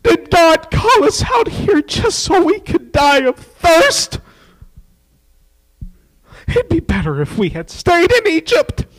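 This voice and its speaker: A shrill whining crowd of complainers, put on by a preacher in a sermon. The voice jumps well above his own and drags in a slow, nasal moan. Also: big pitch swings, heavily acted, low-quality recording. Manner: whiny, complaining. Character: whining wandering people, adult group.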